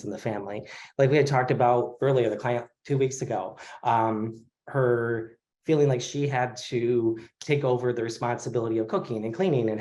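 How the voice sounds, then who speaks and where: A man in his forties leads an online class on healing the inner child. His speech is loose and friendly, full of pauses and fillers. His voice sits at a middle pitch and comes through a video call. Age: 40s. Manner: relaxed and conversational, with many fillers. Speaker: craniosacral therapy instructor. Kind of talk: casual online lecture.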